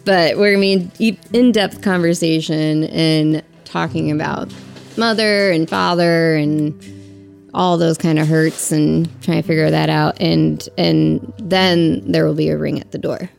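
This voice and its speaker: Female tabletop player, low pitch, hesitant, fried gravel in the voice. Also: steady tone, a little slow, soft background music. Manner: hesitant, searching for words. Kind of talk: casual tabletop role-play chat.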